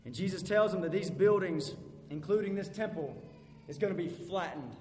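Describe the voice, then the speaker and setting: A man preaching an expository sermon, emphatic, building to loud peaks and then dropping low. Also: moderate pace, slight background noise. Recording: echoey hall with long reverb, faint ambience.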